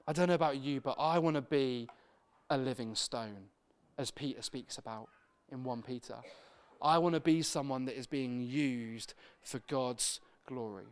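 A man's voice: mid-range voice, moderate pace, clear, resonant tone. A young British man preaching a sermon as pastor, telling chatty everyday stories and acting out the people he quotes. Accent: British English.

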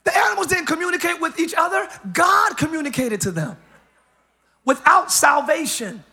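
A man preaching a live church sermon as pastor, joking with the congregation, hyped up and breaking into shouts and laughs. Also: very high voice, moderate pace, creaky. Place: church service.

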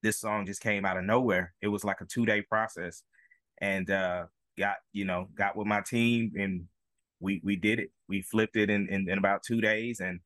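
A man, a singer, talking as a podcast guest in a relaxed, easygoing way with lots of fillers. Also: on the low side, moderate pace, dry recording, clean studio sound. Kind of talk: casual interview.

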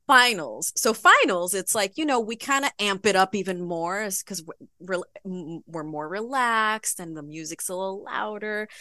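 A young woman tells a lively story as a podcast guest, breaking into laughter often. Her voice is bright and forward. The sound is dry and close. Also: medium pitch, normal speed, dry recording. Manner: giggly, animated, laughs often. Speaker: podcast guest, bodybuilding pro. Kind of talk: casual storytelling interview.

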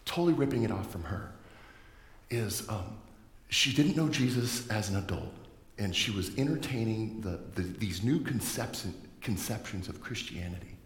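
A man's voice: lowish voice, lively intonation, moderate pace. Man preaching in an echoey hall. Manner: conversational, joking delivery. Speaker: pastor. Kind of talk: sermon. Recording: echoey hall with long reverb.

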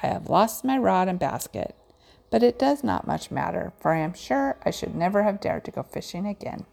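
A woman's voice: mid-range voice, expressive, normal speed, creaky, a little mellow. A woman voicing a genteel little male frog with polite, proper speech in a storybook reading. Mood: prim, mild. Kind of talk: storybook read-aloud.

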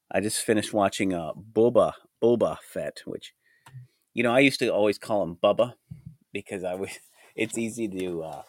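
A man hosting a solo podcast with a groggy, hoarse voice from a cold, talking in a rambling, reflective way. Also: low-pitched, no room sound, clean studio sound. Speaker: podcast host. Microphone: studio mic.

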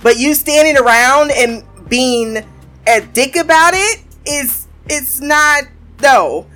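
A woman giving a casual, profane recap of a TV episode. She laughs often and talks in an animated way. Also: high voice, takes it slowly. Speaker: show reviewer.

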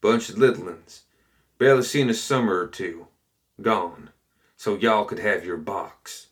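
A man's voice: lowish voice, measured pace, natural voice. A man doing a grim drawling bayou gremlin. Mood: bitter.

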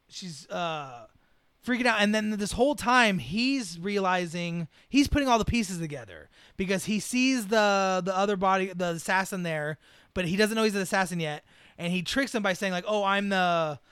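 A man's voice: high-pitched, normal speed, clear, resonant tone, no room sound, clean studio sound. A man co-hosting a casual movie chat, retelling scenes with swearing and acted-out lines. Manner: animated retelling, acts out scenes, swears freely. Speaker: podcast co-host.

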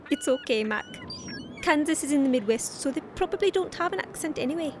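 A woman with an Irish accent acting in an audio drama, brisk, bossy and playful. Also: sits high, animated, noisy background.

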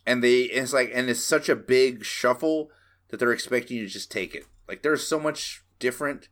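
A man co-hosting a podcast, talking through a film in casual chat, animated and swearing freely. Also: medium pitch, moderate pace. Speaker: podcast co-host. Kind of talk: casual movie discussion.

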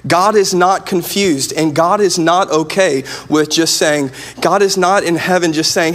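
A man's voice: a little high, a little slow, few pauses, a bit bright. A man preaching a sermon as pastor, earnest and conversational, often restarting his sentences.

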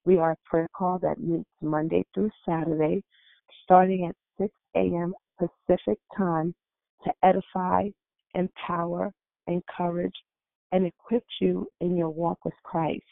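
A woman hosting and greeting on a prayer call. She reads announcements and the order of service in a measured, formal way. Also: fairly low pitch, flat delivery, creaky, no room sound. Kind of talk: scripted announcements. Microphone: phone. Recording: dry tinny phone line.

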